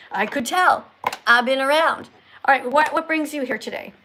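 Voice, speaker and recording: A woman's voice: high-pitched, takes it slowly, pushed and bright, slight background noise. A woman in her sixties hosting a livestream, chatting casually, teasing callers and reading viewer comments aloud. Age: 60s. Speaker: livestream host.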